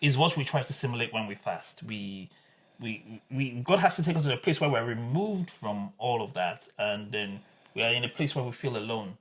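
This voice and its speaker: Very low-voiced woman co-host. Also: normal speed. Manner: brief affirming interjections and a reflective faith remark. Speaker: podcast co-host. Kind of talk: casual podcast chat.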